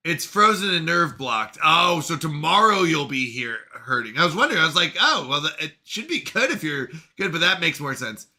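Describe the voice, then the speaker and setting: A man's voice: a little high, very animated, normal speed, hardly any pauses, bright, forceful tone. A man live-streaming in a casual, playful way, reading chat messages aloud and joking around. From Canada. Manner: playful, chatty, reads chat messages aloud, jokes about pronunciation.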